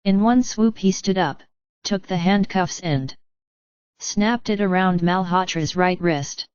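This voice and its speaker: A woman reading an audiobook in scripted narration, voicing every character in the same even narrating voice. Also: lowish voice, slow, clear, resonant tone, no room sound, lo-fi sound.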